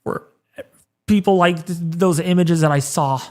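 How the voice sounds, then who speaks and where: A man in his thirties hosting a weather livestream, choked up and halting, repeating words as he talks. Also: on the high side. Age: 30s. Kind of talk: emotional livestream talk.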